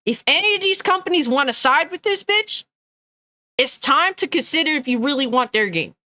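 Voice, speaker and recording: A woman's voice: high-pitched, expressive, normal speed, bright, forceful tone, dry recording. A woman gaming news streamer ranting angrily and bluntly, swearing often and reading chat comments aloud. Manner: angry, profane, blunt.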